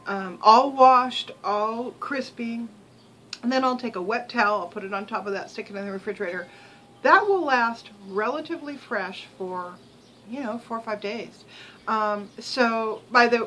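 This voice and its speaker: Chatty older woman with a bright voice. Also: a little high, normal speed, a little hiss or hum, poor audio. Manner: rambling, chatty, many ums and restarts. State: chewing while talking. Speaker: vlogger. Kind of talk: casual chat to camera.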